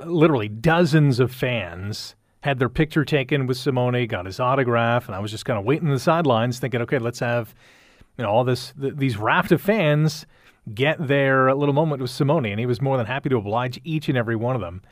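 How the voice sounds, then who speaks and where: A man's voice: medium pitch, brisk, no echo, clean studio sound. A male local news reporter describing an event and interviewing a guest in a conversational way, with frequent filler words.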